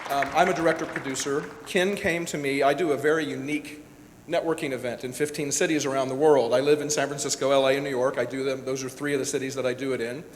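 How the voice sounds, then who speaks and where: A man's voice: fairly even intonation, quick pace, some chatter behind. A man who works as a director-producer gives a personal, emotional speech to an audience, rambling and restarting as he goes. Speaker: event speaker, director-producer. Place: large hall. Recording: echoey hall with faint rumble.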